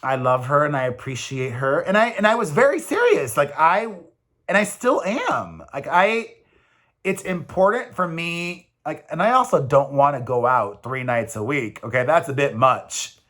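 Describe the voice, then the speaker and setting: Man, 40s, single dad vlogger, chatty, rambling, emphatic, slightly high pitch. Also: very animated, moderate pace, fairly bright tone. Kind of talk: casual confessional vlog.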